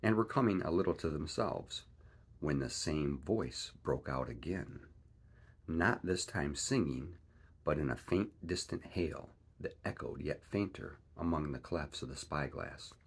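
Gravelly deep-voiced man reading a story. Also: a little slow. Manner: lively, expressive reading. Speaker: reader. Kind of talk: storybook read-aloud narration.

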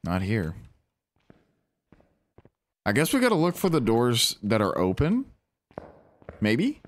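A man giving casual, animated commentary while playing a ghost-hunting game and talking to his teammates. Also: mid-range voice, slow. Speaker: gaming streamer.

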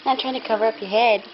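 A woman filming her family at home, chatting casually, cooing to a baby and scolding her kids. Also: fairly high pitch. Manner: chatty and plain-spoken, coos to a baby and scolds children. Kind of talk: casual home video chat. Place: indoors at home. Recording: dull lo-fi home video with background hiss.

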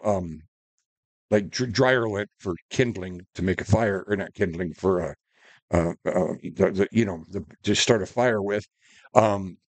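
Rambling, profane man with a low voice. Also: no echo. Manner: rambling, profane, many fillers and restarts. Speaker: survival vlogger. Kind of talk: casual storytelling rant.

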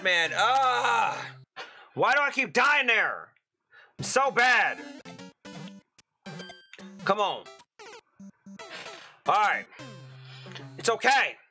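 A young man giving excitable gameplay commentary as a channel host, breaking into loud frustrated outbursts and crude jokes. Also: very high voice.

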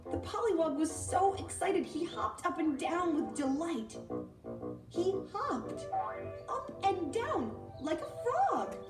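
A woman reading a children's picture book aloud in a gentle, expressive voice, drawing out the slow parts. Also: very high-pitched. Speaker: storyteller. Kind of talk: children's storybook read-aloud. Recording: echoey room from a distance with music.

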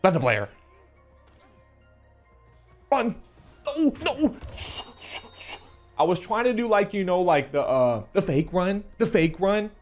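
A man's voice: sits high, animated, unhurried, pauses often, darkish tone, faint music behind. A man giving casual video game commentary, rambling and chatty, often stumbling and repeating his words. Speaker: gaming YouTuber. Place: home recording setup.

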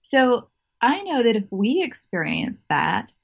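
A woman's voice: fairly high pitch, big pitch swings, slow pace, vocal fry, muffled recording. A woman guest telling a story in a casual interview, chatty, laughing often and restarting her sentences.

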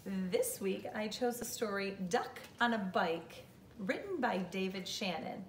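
A woman teacher reading a picture book aloud to children, telling the story slowly and expressively. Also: mid-range voice, distant mic, slight background noise. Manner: slow, expressive storytelling for kids. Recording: echoey room with faint ambience.

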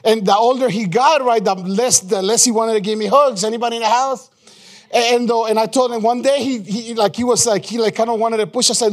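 A male pastor preaching a live sermon in a church, emphatic, repeating phrases, calling on the congregation and restarting his sentences in quick bursts. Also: very high voice, fairly even intonation.

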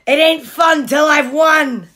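A woman voicing a boastful, greedy male pug dog in a storybook, with loud gloating shouts. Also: sits high, takes it slowly, full character voice.

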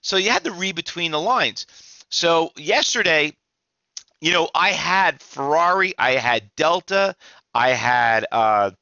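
An exhausted middle-aged man rambles through market commentary, restarting his sentences and pressing hard on his points. His voice is fairly high and forceful, and it sounds dry and close. The recording is slightly dull and lo-fi. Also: expressive, a little slow, no echo. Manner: rambling, restarts often, emphatic. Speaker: trading instructor. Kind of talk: casual market commentary to viewers.

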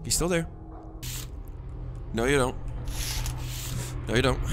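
A man's voice: mid-range voice, slow pace, pauses often. A man whose first language is Dutch, commentating a horror game he is playing, jumpy and panicky with nervous laughter, into a headset mic. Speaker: gaming streamer. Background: game music.

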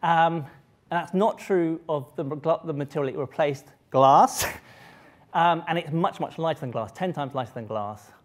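A man giving a live science lecture to an audience, lively and joking, often breaking off and restarting his sentences. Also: on the high side, normal speed. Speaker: public lecturer. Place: lecture hall.

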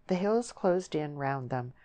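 A woman with a notably low, deep voice reads a novel aloud as an audiobook. Her delivery is measured and descriptive, lingering over scenery. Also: expressive, mellow. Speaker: audiobook narrator. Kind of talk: scripted narration.

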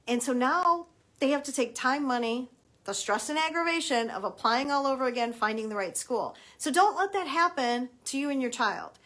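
Speaking as a college admissions consultant, a middle-aged woman gives advice to parents, emphatic and expressive as she stresses her key points. Her voice is a little high and fairly bright at normal speed, and she drops in brief acted-out snippets of quoted dialogue.

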